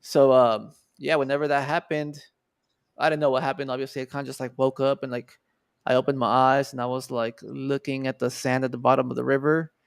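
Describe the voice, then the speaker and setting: A man's voice: mid-range voice, little pitch movement, brisk, creaky, clear, resonant tone, no echo, clean studio sound. A man in his twenties from Texas, telling a personal story in a loose, casual way, full of fillers and swearing. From Texas, USA. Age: 20s. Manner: loose and profane, many fillers. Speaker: guest artist.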